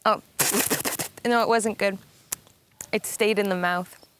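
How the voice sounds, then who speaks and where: A woman's voice: mid-range voice, unhurried, over music. A woman vlogger giving a silly, playful intro to camera in a backyard tent.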